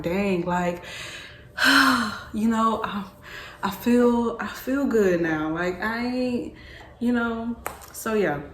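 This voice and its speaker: A woman's voice: on the low side, slight background noise. Chatty young woman telling a story. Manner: chatty, repeats herself, backtracks. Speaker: vlogger. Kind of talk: casual storytelling. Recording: echoey room.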